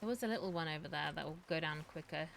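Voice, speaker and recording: Woman streamer, young, bright voice, swears a lot, jumpy gameplay commentary. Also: deep voice, racing, gravelly, slight background noise. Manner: profane, excitable, talks to herself and chat.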